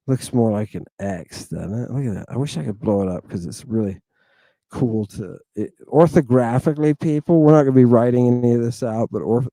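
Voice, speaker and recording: A man teaching ancient Greek in a casual, profane, chatty lecture, animated, with loud bursts and muttered asides, and he keeps asking "right?". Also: mid-range voice, dry recording.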